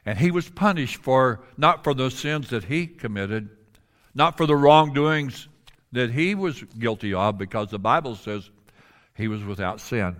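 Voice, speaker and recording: A man preaching a sermon through a story, his voice pitched in the middle of the male range. He pushes some lines out loudly and drops others to a near hush for drama. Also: measured pace. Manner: dramatic, swings between loud and hushed.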